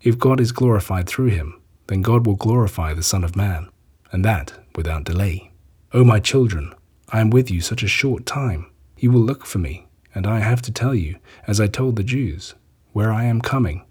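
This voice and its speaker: A man voicing Jesus as a calm, solemn teacher, speaking in a measured way as he reads a gospel story aloud. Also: fairly low pitch, husky.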